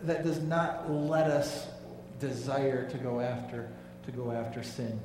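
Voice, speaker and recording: In an echoey church sanctuary, a male pastor preaches emphatically and conversationally, frequently asking the congregation questions. His mid-range voice is a little slow with little pitch movement, sounding distant amid background noise.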